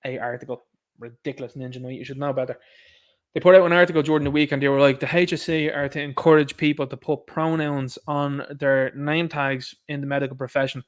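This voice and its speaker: A man's voice: a little high, little pitch movement, fairly quick. A man with an Irish accent hosting a livestream, ranting with sarcastic indignation and calling his listeners lads. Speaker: livestream host.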